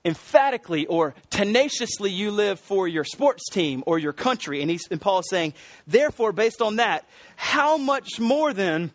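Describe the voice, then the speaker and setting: A man's voice: sits high, expressive, moderate pace, no echo. A middle-aged American man preaching a sermon as pastor, earnest, stressing and repeating key words, with frequent ums and restarts. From United States.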